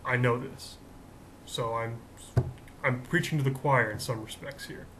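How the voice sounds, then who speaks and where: A man's voice: mid-range voice, measured pace, a bit bright, slight background noise, poor audio. A young man in his twenties hosting a comedic vlog, talking in a rambling, jokey, self-mocking way. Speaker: host.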